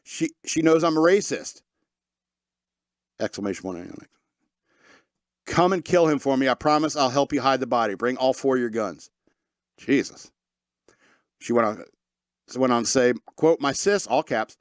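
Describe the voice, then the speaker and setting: A man hosts a casual talk radio show, reading stories aloud and breaking off for sarcastic asides. His voice sits at a middling pitch. The sound is dry and close to the mic, with no room around it. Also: no echo. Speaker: podcast host reading news.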